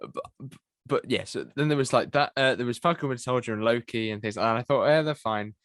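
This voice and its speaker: Host, man, measured and hesitant, dry close mic. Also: mid-range voice, a bit bright, no room sound. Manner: hesitant, measured, lots of restarts. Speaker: podcast host. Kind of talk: casual chat.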